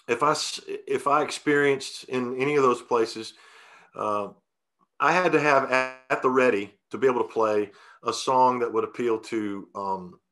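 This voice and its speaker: A man's voice: fairly low pitch, pushed and bright. Folksy man telling stories. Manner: rambling, folksy, many restarts and fillers. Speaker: guest singer-songwriter. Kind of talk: casual interview storytelling.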